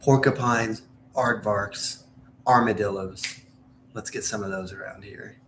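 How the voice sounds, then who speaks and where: A man's voice: lowish voice, steady tone, measured pace, background noise. A man from Southern Indiana chatting casually on a livestream while baking, rambling from one topic to the next. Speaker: livestream host.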